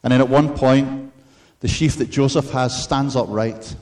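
A man preaching a sermon in an earnest, measured way, mixing in storytelling asides. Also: medium pitch, steady tone, darkish tone.

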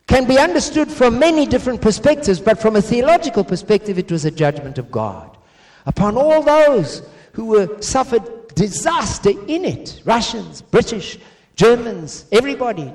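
A man's voice: high-pitched, a little mellow. A man preaching a sermon, emphatic, building with repeated phrases and rising stress. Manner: emphatic, repetitive cadence, rising to stress points; slow and measured when reading prayer.

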